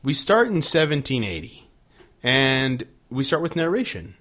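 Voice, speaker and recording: A male podcast co-host in easygoing chat, recapping a show with crude jokes and running commentary. His voice sits in an ordinary middle pitch. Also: very animated, measured pace, pushed and bright. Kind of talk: casual chat.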